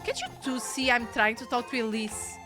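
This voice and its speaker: A woman voicing an adult village woman and mother in a game, reading her lines quietly. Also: fairly high pitch, steady tone, moderate pace, music in the background, natural voice. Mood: curt. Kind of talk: reading game dialogue aloud.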